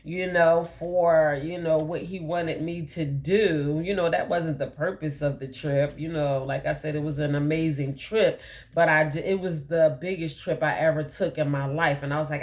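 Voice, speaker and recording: A woman's voice: deep voice, steady tone, measured pace. A woman telling her personal testimony in a candid, rambling way, with many fillers and frequent laughs. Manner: laughs often while telling her story. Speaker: motivational speaker.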